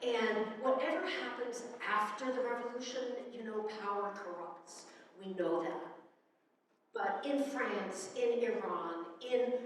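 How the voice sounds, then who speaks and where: A woman's voice: fairly high pitch, a little slow, slight background noise. A woman in her sixties telling a personal story live at an event, conversational and wry, with frequent fillers. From United States. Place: event hall. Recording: echoey hall, distant mic.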